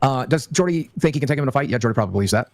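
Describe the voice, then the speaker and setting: Male streamer, mid-pitched, dry sound, rambling and opinionated. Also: animated, racing, a little mellow, no echo. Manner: rambling, many fillers, casual swearing.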